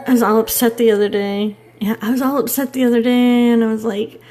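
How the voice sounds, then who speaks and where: A woman's voice: fairly high pitch, fairly even intonation, brisk, a little mellow. Chatty woman rambling while painting. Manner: rambling, chatty, talks to viewers. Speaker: digital artist streaming a painting session. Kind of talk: casual chat while painting.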